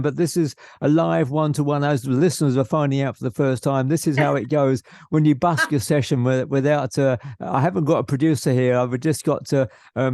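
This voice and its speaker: A man's voice: a little high, a little mellow, dry recording. A man hosting a live radio interview from a studio, often stumbling over and restarting his words. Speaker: radio host.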